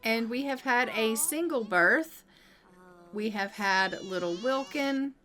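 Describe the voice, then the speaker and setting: A woman's voice: fairly high pitch, lively intonation, a bit bright, faint music behind. Chatty woman narrating a life-sim game. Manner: chatty, narrates every step, voices the sims in quick asides. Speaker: gameplay narrator. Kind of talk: casual let's-play commentary.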